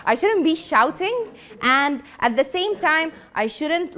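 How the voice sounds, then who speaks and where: A woman with an Egyptian accent giving a lively classroom lesson as a lecturer, switching between Arabic and English and teasing her students. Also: sits high, takes it slowly.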